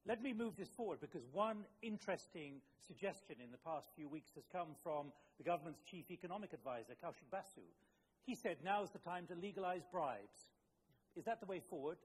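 A man moderating a televised panel debate, briskly steering questions to the guests. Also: a little high, lively intonation, slightly rough. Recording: long hall reverb.

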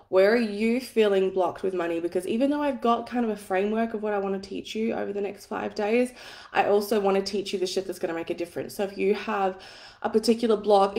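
A woman in her thirties, tired and a bit husky from an early start, hosting a live money masterclass from home on her phone in a chatty, self-deprecating way with plenty of swearing. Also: mid-range voice, a little mellow, reverberant. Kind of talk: casual livestream teaching. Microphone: phone on a tripod.

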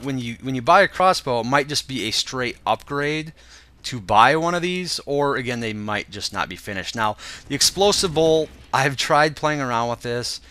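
A man's voice: mid-range voice, moderate pace. A young man with a stuffed-up, congested voice, casually talking through a game walkthrough while thinking aloud. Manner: relaxed, thinking aloud with fillers. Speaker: gaming video host. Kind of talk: casual gameplay walkthrough commentary.

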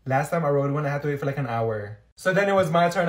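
A young man acting out comedy sketches, swinging between loud shrill outbursts and low mumbled asides. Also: fairly even intonation, quick pace. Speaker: comedy sketch creator playing many characters.

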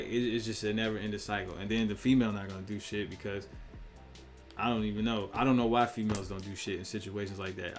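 A man giving a blunt, profane opinion rant full of slang, often acting out other people's lines. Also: fairly low pitch. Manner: profane, blunt, slangy, acts out quick voices. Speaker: online commentator. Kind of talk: casual opinion rant to camera.

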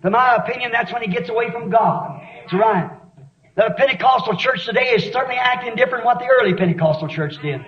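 A high-pitched, middle-aged preacher delivers a fiery revival sermon at a quick pace, moving impassionedly from storytelling into shouted appeals. His voice rings through an echoey meeting hall on a dull, lo-fi 1960s tape.

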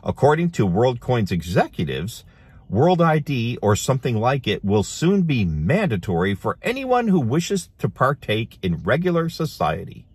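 A middle-aged man hosting a casual commentary show, reading headlines aloud and adding animated, laughing remarks. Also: mid-range voice, normal speed, breathy edge, no room sound. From United States. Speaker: host.

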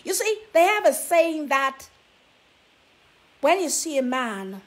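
Sassy high-voiced woman scolding. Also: sing-song, takes it slowly. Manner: scolding, sassy rhetorical questions. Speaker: vlogger giving relationship advice. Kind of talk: preachy talk to camera.

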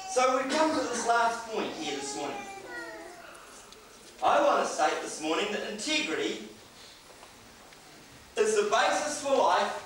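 A New Zealand preacher delivers a chatty sermon with a strikingly high, bright voice. He stands well back from the microphone in a big echoing church hall. A faint hiss runs under the recording. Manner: conversational, joking asides. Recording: echoey hall, distant mic, faint hiss.

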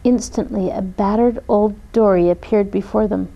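Gently and expressively, a woman reads a children's storybook aloud at a moderate pace. Her mid-range voice has a creaky quality, and the recording's high frequencies are cut off.

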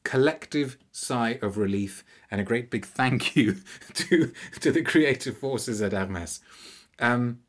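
A man hosting an unscripted live review, chatty and animated, with frequent restarts. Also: mid-range voice, slow. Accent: non-French, anglicised French pronunciation.

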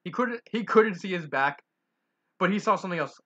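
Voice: medium pitch, animated, a little fast, bright, forceful tone, lo-fi sound. A reader reading a story aloud who giggles and adds asides. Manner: giggly, self-commenting asides. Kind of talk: reading fan fiction aloud.

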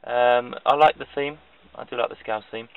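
A man's voice: medium pitch, steady tone, normal speed, smooth, distant mic. A man giving a hesitant, jokey review of a dinner to camera. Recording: tinny phone-like camera audio from afar.

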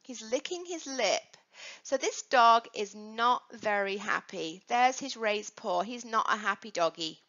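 A woman teaches young children about dog safety, drawing out answers with coaxing questions and playful prompts in a sing-song manner. Her voice is a little high, expressive, bright, and forceful, and a little slow. The recording is dull and lo-fi.

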